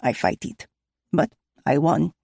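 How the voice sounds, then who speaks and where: Picture a friendly young Russian bodyguard with a heavy accent, speaking in short, broken phrases, as a female narrator puts him on. The voice sits low and the sound is dry and close, like a storybook read in a booth. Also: animated, unhurried, gravelly, warm tone, breathy edge, dry recording, exaggerated voice. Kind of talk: audiobook character voice.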